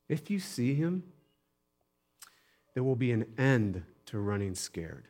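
A man preaching a sermon, building to loud emphasis with repeated phrases and dropping to hushed near-whispers. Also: medium pitch, very animated, slow pace, pauses often. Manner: preaches with rising intensity and repetition. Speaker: pastor.

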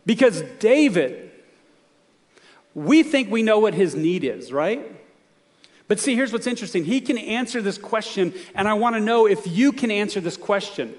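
Man, pastor, sermon, fairly high voice, long hall reverb. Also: animated, moderate pace. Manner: storytelling, earnest, emphatic questions to the congregation.

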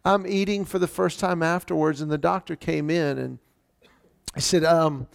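A man's voice: fairly high pitch, fairly even intonation, normal speed, gravelly, clear, resonant tone. A man preaching a sermon, telling a personal story earnestly with wry humor and often stumbling and restarting his words. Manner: frequent stammered restarts. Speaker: pastor.

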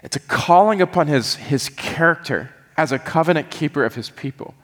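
A man's voice: on the high side, expressive, normal speed. Earnest male pastor in a reverberant hall. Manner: earnest, rising into fervent pleading prayer. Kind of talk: sermon.

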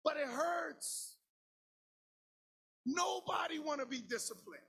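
High gravelly preaching man. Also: takes it slowly. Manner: preaching with shouted, sing-song cadence and repetition. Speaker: pastor. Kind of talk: sermon.

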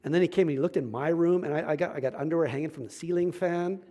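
Male pastor, relaxed sermon delivery, slightly high voice, punchy emphasis. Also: quick pace. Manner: conversational, emphatic, self-deprecating asides.

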